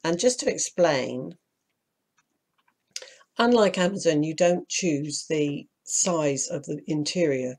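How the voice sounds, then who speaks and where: Croaky tutorial voice. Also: medium pitch, animated, slow pace, long pauses. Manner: practical, explains step by step, mild asides of annoyance. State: croaky from hay fever. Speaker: self-publishing tutor. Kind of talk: screen-recorded tutorial walkthrough.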